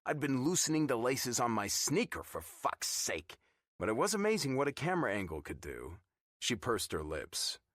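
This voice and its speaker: A man's voice: medium pitch, wildly swooping pitch, moderate pace, a bit bright, dry recording, studio quality. A man narrating a romance audiobook in first person, with a wry, teasing manner.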